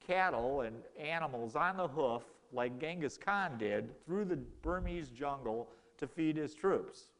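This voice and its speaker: A man gives a relaxed history lecture in a slightly higher voice, telling events as a story and acting out the exchanges between the people in it. The room has a long, hall-like reverb.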